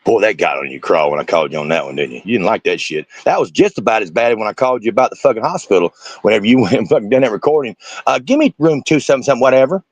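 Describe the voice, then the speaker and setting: A man's voice: on the low side, expressive, very fast, few pauses, breathy edge, no echo. A man, a streamer giving angry, profane reaction commentary and confronting the people in the clips.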